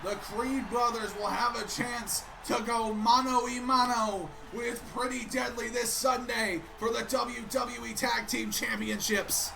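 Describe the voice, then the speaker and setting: A man doing excitable play-by-play commentary of a wrestling video game, keeps breaking off with sudden interruptions. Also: extremely high pitch, gravelly.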